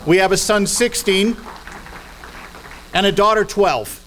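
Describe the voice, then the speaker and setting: Middle-aged man, guest speaker, podium mic, persuasive, rhetorical questions, dry wit, slightly high voice. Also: slow, a bit bright, slight background noise, rough recording. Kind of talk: persuasive public talk. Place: church hall at a podium.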